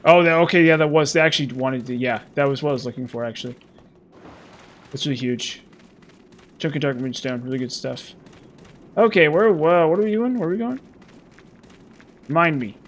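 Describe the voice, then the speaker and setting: A man's voice: on the high side, moderate pace, pauses often. A man giving casual, rambling and sarcastic commentary while playing a video game. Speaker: gameplay commentator.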